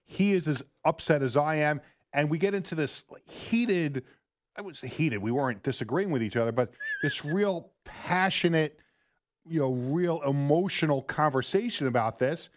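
A man's voice: fairly high pitch, moderate pace. A middle-aged man co-hosting sports talk radio, telling a story in a rambling way with many restarts.

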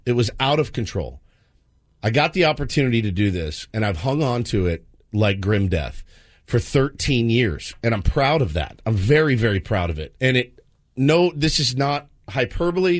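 A man's voice: medium pitch, no room sound. Earnest forties man, dry studio sound. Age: 40s. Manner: earnest and emotional, rambling with restarts. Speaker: radio sports show host. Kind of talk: heartfelt on-air talk. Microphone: studio microphone.

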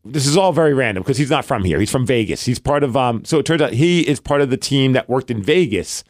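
A man's voice: medium pitch, lively intonation, fast, dry recording, studio quality. New York man telling a long story. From Brooklyn, New York. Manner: rambling, restarts often, acts out quoted dialogue. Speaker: podcast co-host. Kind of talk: casual storytelling chat.

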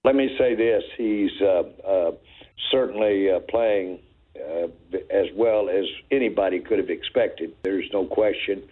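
Man, team owner, radio interview, very deep voice, halting with fillers, tinny phone line. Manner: slow, halting, heavy with fillers.

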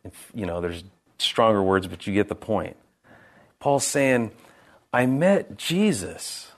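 A man preaching a sermon, earnest and animated, asking rhetorical questions and restarting his sentences. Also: on the low side, a little slow. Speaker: pastor.

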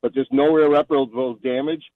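Mad guy ranting on a call-in, sarcastic, mid pitch, thin phone sound. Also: steady tone, a little fast, no room sound. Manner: angry, sarcastic, repetitive. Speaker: caller. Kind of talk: call-in radio rant. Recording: tinny phone line.

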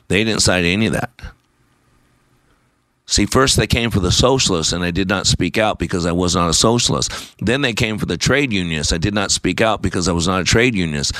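A man's voice: fairly low pitch, fairly bright tone, no room sound. A man hosting a radio show, talking in an emphatic, repetitive, sermon-like way. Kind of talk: preachy talk radio monologue.

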